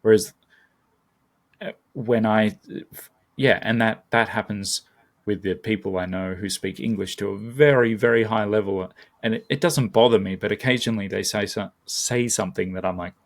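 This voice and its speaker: A man talks in a relaxed interview, his voice low and gravelly. He works through his thoughts slowly, with plenty of ums and restarts. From Australia. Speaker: guest, language learner and YouTuber. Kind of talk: casual conversation.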